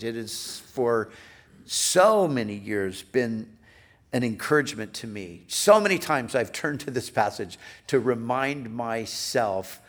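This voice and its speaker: A man preaching a sermon as pastor, swinging between emphatic lines and hushed asides. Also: medium pitch. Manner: slow, dynamic preaching, swinging from loud to hushed.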